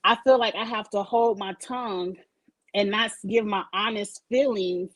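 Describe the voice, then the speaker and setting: A woman's voice: mid-range voice, steady tone, moderate pace, low-quality recording. A woman hosting a casual live-stream chat over a video call, speaking emphatically and candidly and swearing freely. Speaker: host of a live-streamed talk show; supervisor at work.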